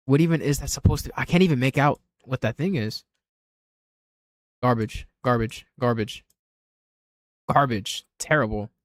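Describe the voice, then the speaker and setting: A man's voice: mid-range voice, no echo, clean studio sound. A man streaming casually, ranking images with blunt, offhand remarks and frequent swearing. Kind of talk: casual livestream commentary.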